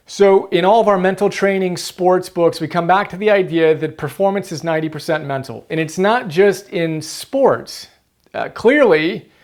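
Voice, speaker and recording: A man hosting a motivational book-summary video, earnest and emphatic, repeating key phrases for stress. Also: a little high.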